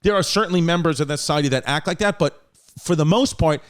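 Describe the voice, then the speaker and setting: A man in his thirties with a New York accent, hosting a podcast in casual, profane, animated chat and laughing often. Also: a little high, fast. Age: 30s. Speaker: podcast host.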